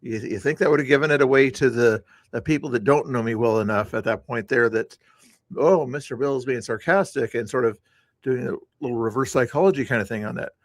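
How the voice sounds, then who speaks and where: Fast and mid-range, a man's voice rambles over his stream playback in a dry recording with no room sound. The commentary is casual, with restarted sentences, repeated words and sarcastic asides.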